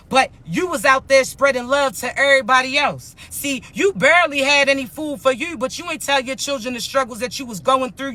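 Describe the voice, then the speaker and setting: A woman's voice: high voice, sharp tone. A woman spiritual life coach giving a motivational talk in an emphatic, blunt, slangy and often profane way.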